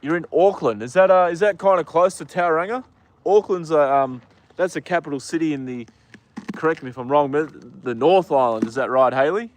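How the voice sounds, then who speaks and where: A man's voice: on the high side, brisk. A young Australian man hosting a casual live stream outdoors with his horse, greeting viewers by name with lots of fillers. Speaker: livestream host.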